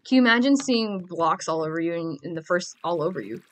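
A woman's voice: fairly low pitch, lively intonation, fairly quick, fairly bright tone, a little hiss or hum. A woman giving casual, playful commentary while playing a game, joking and giggling to herself. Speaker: Minecraft player.

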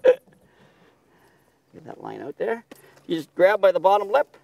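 A man's voice: high voice, wildly swooping pitch, slow pace, vocal fry, darkish tone, no echo. A man hosting a fishing show from a boat outdoors, coaching and encouraging his guest. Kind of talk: casual fishing chat.

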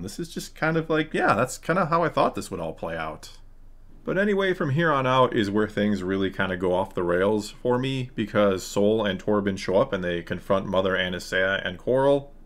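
A man recapping and critiquing a TV episode in a casual, sarcastic, frustrated way. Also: lowish voice. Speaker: YouTube reviewer.

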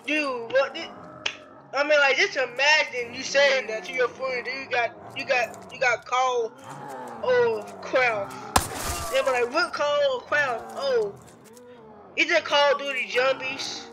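A man giving rambling, excitable let's-play commentary, yelping and shouting at the game. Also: very high voice, a little slow, background noise. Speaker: gameplay commentator.

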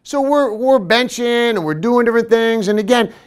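A man's voice: very high voice, moderate pace, clean tone. A fitness trainer and podcast host telling a casual, self-deprecating story, acting out the other people's voices as he goes. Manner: animated, self-deprecating, acts out quoted voices.

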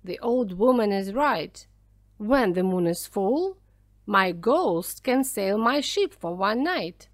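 A proud ghost pirate from a children's storybook holds forth in a loud, slow, drawn-out voice, as a woman puts him on. His lines rise and fall widely. The sound is dry and close. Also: mid-range voice, animated, no room sound. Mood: storytelling.

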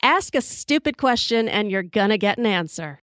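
A woman's voice: medium pitch, expressive, moderate pace, a bit bright, no echo, clean studio sound. A woman hosting a podcast, telling wry, profane stories in a conversational monologue while sipping whiskey. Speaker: podcast host.

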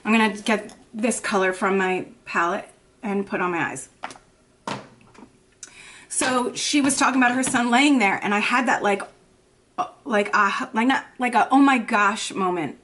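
A woman in her thirties telling a personal story in a confessional makeup vlog, with halting, emotional speech, shaky and anxious. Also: mid-range voice, fairly bright tone, slight background noise. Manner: halting, emotional storytelling with many fillers and restarts. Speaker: beauty vlogger.

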